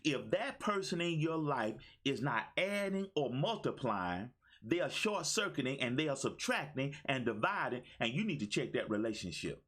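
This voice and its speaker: Man, 50s, motivational livestreamer, lively swooping pitch, slightly husky voice, exuberant call-and-response. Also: moderate pace. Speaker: motivational speaker. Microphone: phone.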